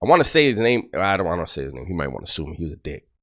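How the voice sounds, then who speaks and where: A man's voice: sits low, big pitch swings, rapid-fire, fairly bright tone. Blunt, profane middle-aged man. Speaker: former prisoner giving life advice. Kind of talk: casual storytelling to camera.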